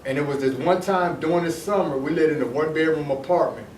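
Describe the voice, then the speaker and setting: A man's voice: on the high side, fast, recorded from a distance. A middle-aged man from Detroit telling a personal story in a casual, rambling way, often repeating himself and restarting his sentences. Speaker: storyteller recounting his past. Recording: echoey room, voice heard from off the mic, faint noise.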